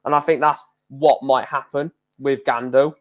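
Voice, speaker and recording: A young man from England hosting a casual darts watchalong stream, chatting excitably with rambling asides and mild swearing. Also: mid-range voice, moderate pace. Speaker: livestream host.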